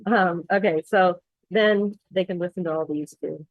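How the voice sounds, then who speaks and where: Low-voiced woman explaining a lesson. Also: normal speed, no echo, narrow, tinny audio. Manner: explanatory, steady, with frequent ums. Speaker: accent coach. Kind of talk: screen-share tutorial walkthrough.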